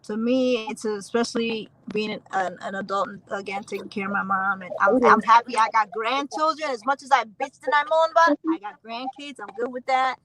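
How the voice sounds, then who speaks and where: Middle aged lady guest, kinda high voice, real candid, goes quiet at the ends. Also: brisk, few pauses, poor audio. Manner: candid, low-key, trails off softly. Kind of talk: casual podcast chat.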